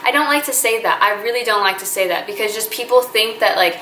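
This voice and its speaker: Brief: twenties woman vlogger, bright and earnest, echoey room with faint background hiss. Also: fairly high pitch, quick pace. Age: 20s. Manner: chatty and earnest, gushing with fillers. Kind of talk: casual talking-to-camera vlog.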